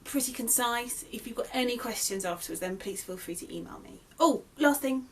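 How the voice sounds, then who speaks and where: A woman's voice: a little high, lively intonation, fairly quick, a little hiss or hum. A young English woman, a crochet designer, teaching a beginner's tutorial in a chatty, friendly way that often corrects itself as she goes. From England. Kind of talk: casual tutorial.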